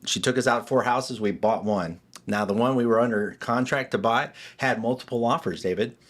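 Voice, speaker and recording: A man's voice: mid-range voice, normal speed, fairly bright tone. A middle-aged man telling his story as a podcast guest, acting out the voices of people he quotes. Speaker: guest, real estate agent. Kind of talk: storytelling interview.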